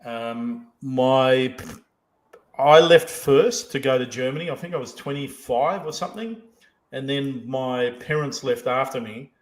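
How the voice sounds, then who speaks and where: A man's voice: mid-range voice, a little slow. Swearing male podcast host in echoey room. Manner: swears heavily, rambling with restarts. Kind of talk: casual podcast chat. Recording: roomy echo.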